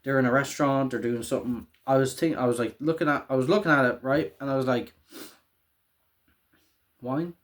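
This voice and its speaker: A young man, casually recapping a show in a rambling, excitable way with a lot of swearing and laughter. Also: medium pitch, fast, few pauses.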